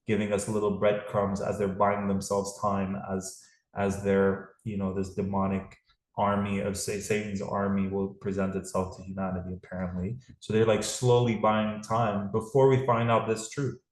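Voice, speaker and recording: A man's voice: on the low side, little pitch movement, moderate pace, darkish tone, roomy sound, low-quality recording. A man hosting a live call series, talking in a rambling, casual way with many restarts. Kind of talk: casual livestream talk.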